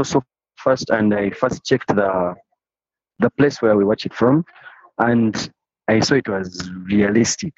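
A man's voice: mid-range voice, no echo. A man, telling a passionate story in an interview and often repeating and restarting phrases. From Uganda. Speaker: interviewee, football fan. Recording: dry, slightly dull recording.

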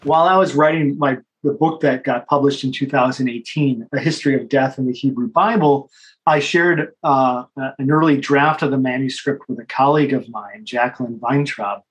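A man's voice: mid-range voice, moderate pace, rough recording. A man, a professor guest on a podcast, explaining his work. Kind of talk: interview answers.

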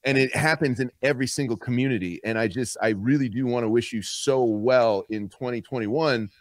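A man chats loudly and cheerfully on a podcast, swearing freely and cracking jokes. His voice sounds dry and close to the mic. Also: medium pitch, brisk, no room sound. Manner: boisterous, profane, joking. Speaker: podcast guest. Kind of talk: casual podcast chat.

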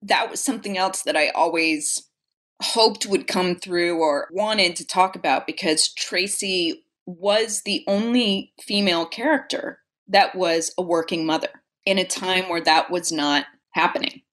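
Reflective woman with a low voice. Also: measured pace, fairly bright tone. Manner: reflective, earnest, grows emotional. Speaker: actress, interview guest. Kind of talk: casual interview conversation.

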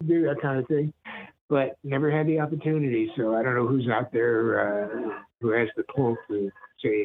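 Heard through tinny phone audio, a middle-aged man from Ohio who does voice acting chats as an interview guest at a moderate pace and medium pitch. He's an animated storyteller, laughing often and breaking into impressions along the way.

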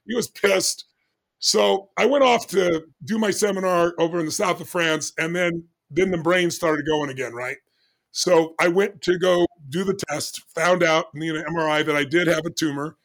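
A man in his early sixties who speaks in a voice pitched well above most men's. He tells a personal story with lots of energy as an interview guest, acting out each exchange he remembers. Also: moderate pace, vocal fry. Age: 60s. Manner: animated, acts out dialogue with doctors.

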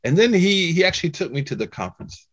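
A man telling a personal story in a talk to a Muslim audience, chatty and animated, full of "you know" and "man". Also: a little high, fast, husky. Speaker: Muslim speaker giving a talk.

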